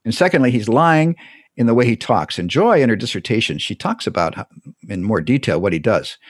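A man on a talk show telling stories about scripture with emphatic, animated delivery and frequent restarts. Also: mid-range voice, a little fast, no echo, studio quality. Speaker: guest speaker on theology. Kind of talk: animated conversational storytelling.

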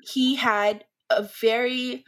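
A woman's voice: a little high, steady tone, takes it slowly. Chatty young woman with a North American accent. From Philippines. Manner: chatty, many fillers and restarts. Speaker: podcast guest. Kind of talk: casual interview chat.

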